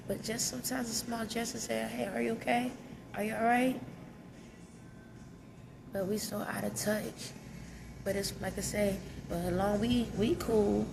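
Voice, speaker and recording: With a medium-pitched voice carrying vocal fry, an adult woman with children vlogs from a hotel lobby over background noise. She weeps while rawly and candidly confessing her pain to viewers in casual vernacular.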